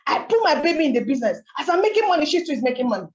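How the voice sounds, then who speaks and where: High-voiced woman giving a testimony. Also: rapid-fire, echoey room, muffled recording. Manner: emphatic, animated storytelling with rhetorical questions. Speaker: network marketing speaker. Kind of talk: motivational testimony talk.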